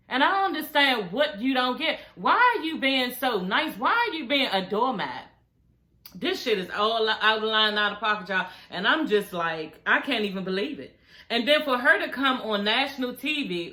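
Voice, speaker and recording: A woman's voice: fairly high pitch, very animated, normal speed, pushed and bright. A woman vlogger casually recapping a reality show, sassy and profane, talking straight to her viewers. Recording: echoey room.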